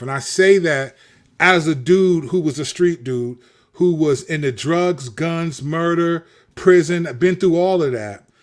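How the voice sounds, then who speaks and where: A middle-aged man from the Washington, D.C. area, host of his own channel, telling a personal story in a candid, animated, preacherly way with street slang and frequent repeats. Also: fairly high pitch.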